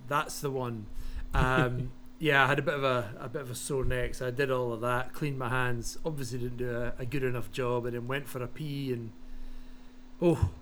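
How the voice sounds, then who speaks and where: A man's voice: medium pitch, level tone, normal speed, a bit bright. A man with a Scottish accent chats casually as a wrestling podcast co-host. He rambles through his stories and laughs at himself, and a faint hiss of noise sits under his voice. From Scotland.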